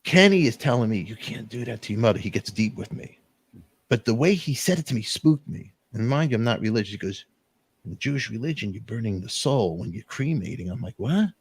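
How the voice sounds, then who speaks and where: Guy hosting a talk show, rambling and lively, pitch all over the place, kinda husky. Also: fairly quick, no echo. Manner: rambling, animated storytelling with sudden jumps in pitch. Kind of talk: emotional casual monologue.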